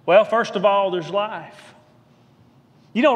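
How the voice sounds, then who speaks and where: Brief male pastor, higher-pitched voice, rhythmic call-and-response preaching, long church reverb. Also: unhurried, pauses often, a bit bright. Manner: rhythmic repetition, calls out to the congregation for response. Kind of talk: sermon. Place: church sanctuary.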